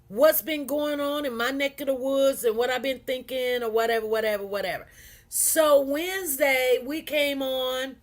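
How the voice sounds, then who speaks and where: A Chicago-accented woman in middle age hosts a livestream, talking directly to her viewers in a relaxed way and repeating herself along the way. Her pitch leans high.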